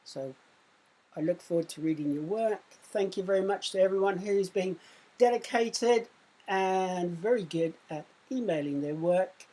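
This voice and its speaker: A British woman teacher talks slowly and patiently through a recorded lesson for young children, spelling words out letter by letter. Her voice is mellow and a little husky, set rather low. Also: rough recording. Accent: British English. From England. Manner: slow, explains step by step, spells out letters. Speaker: primary school teacher.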